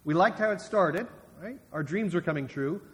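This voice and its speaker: A man's voice: high voice, animated, normal speed, long reverb tail. A man preaching a sermon in a conversational way, with frequent restarts and asides to the congregation. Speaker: guest preacher.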